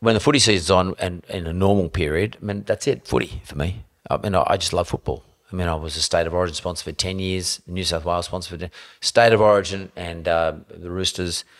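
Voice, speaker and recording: A man's voice: deep voice, fairly even intonation, quick pace, hardly any pauses. A middle-aged Australian man, a podcast guest, telling blunt, swear-laden anecdotes in casual chat.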